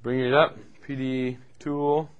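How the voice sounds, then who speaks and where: A man's voice: medium pitch, level tone, slow, smooth, lo-fi sound. A middle-aged man giving a live university lecture, explaining steps in a loose, joking way with frequent "okay" and "right.".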